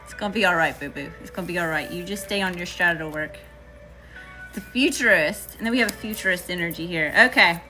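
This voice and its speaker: A woman with a Southern accent gives a casual tarot reading in a bright, ringing voice. She talks in a loose, slangy, chatty way and answers Spirit aloud as she goes. Faint music plays under her voice. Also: on the low side, fast talker. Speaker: tarot reader.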